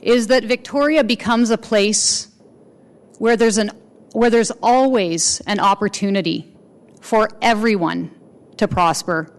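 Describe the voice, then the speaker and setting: A woman serving as mayor delivers a formal public address in an earnest, measured manner, pausing between phrases. Her voice sits a little high.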